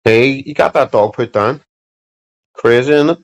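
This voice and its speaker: A man's voice: mid-range voice, normal speed. Blunt, foul-mouthed man. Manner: profane, blunt, chatty. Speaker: livestream host. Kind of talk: casual rambling chat to viewers. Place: home streaming setup. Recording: dull lo-fi sound.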